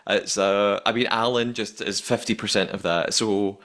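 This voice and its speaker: A man's voice: fairly low pitch, steady tone, normal speed, a bit bright. A man hosting a podcast in casual chat, laughing often and restarting sentences. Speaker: podcast host.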